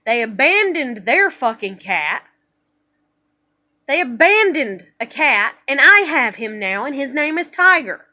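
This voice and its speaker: A woman's voice: sits high, sharp tone. A young woman venting in a personal vlog, profane and exasperated as she rants. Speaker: vlogger.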